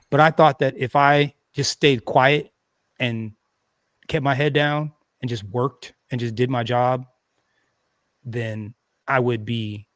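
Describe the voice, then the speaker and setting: A man's voice: mid-range voice, no echo. A man hosting a casual livestream, talking in a rambling, conversational way with many restarts and fillers. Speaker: livestream host.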